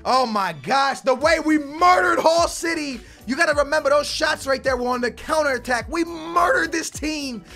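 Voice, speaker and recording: A young man commentating his own football video game, muttering plans quietly, then shouting in outbursts. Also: very high-pitched, normal speed, gravelly, hardly any pauses, soft background music. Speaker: gaming YouTuber. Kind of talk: excited gameplay commentary.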